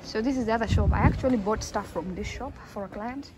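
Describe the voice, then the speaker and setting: A quick-paced, higher-pitched woman vlogs from an outdoor street market, pointing out shops to a handheld camera. Her chatter is full of "like" fillers. Loud street noise and traffic fill the background of the phone recording.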